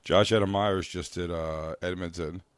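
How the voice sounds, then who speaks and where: A man's voice: sits low, fairly even intonation, normal speed, clear, resonant tone, no echo. A man co-hosting a comedy podcast, trading crude, teasing banter and laughing easily. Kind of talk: casual chat, teasing banter. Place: radio studio.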